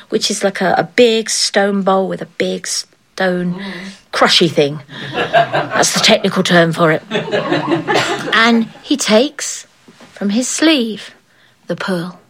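A woman's voice: medium pitch, lively intonation, takes it slowly, pauses often, a crowd in the background, low-quality recording. A woman telling a folk tale aloud in a playful way, acting out the characters and laughing along. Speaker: storyteller. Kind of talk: oral storytelling.

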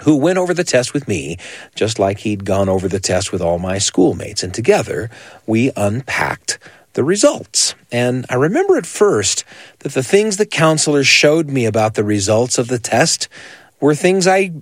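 A man's voice: mid-range voice, big pitch swings, moderate pace, no room sound. A man hosting a storytelling program, recalling a personal memory in a reflective, conversational way. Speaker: host. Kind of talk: reflective radio-style narration.

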